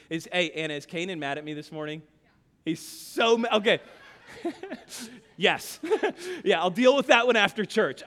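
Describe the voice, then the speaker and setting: A man preaching a sermon, telling a self-mocking story with loud exclamations and hushed confessions. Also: very high voice, clean tone, big-room sound. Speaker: pastor.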